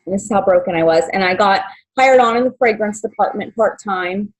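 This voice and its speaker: A young adult woman telling her life story as an interview guest, halting, with many fillers and restarts, at times emotional. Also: medium pitch, low-quality recording. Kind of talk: personal story in podcast interview.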